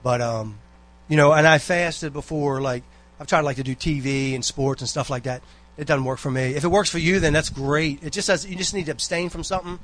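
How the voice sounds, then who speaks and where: A man's voice: fairly high pitch, fairly even intonation, fairly quick, hardly any pauses, fairly bright tone. A man giving a rambling, folksy exhortation to a church congregation, full of asides and personal stories. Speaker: church member giving a talk.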